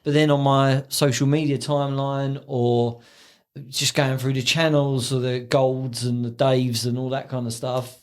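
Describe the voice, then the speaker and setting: A man co-hosting a casual podcast chat, telling stories animatedly and acting out quotes in a high voice. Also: flat delivery, unhurried. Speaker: podcast co-host.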